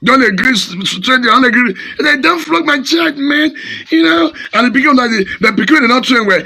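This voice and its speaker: Nigerian preacher going off, gravelly bright voice, big swoops up and down. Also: male voice, extremely high pitch, animated, brisk, few pauses. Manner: fiery, scolding, dramatic. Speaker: pastor. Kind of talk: preaching sermon in Pidgin English.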